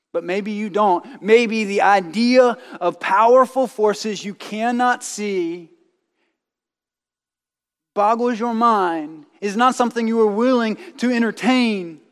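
A man's voice: sits high, takes it slowly, clean tone. Man preaching in an echoing church. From North Carolina, USA. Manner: storytelling with dramatic drops to a hushed voice. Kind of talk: sermon with scripture reading and personal story.

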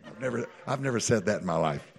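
A man preaching a sermon, telling stories with lively, animated delivery that climbs to excited peaks. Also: quick pace, creaky. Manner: animated storytelling, builds to high excited peaks, laughs often. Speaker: pastor.

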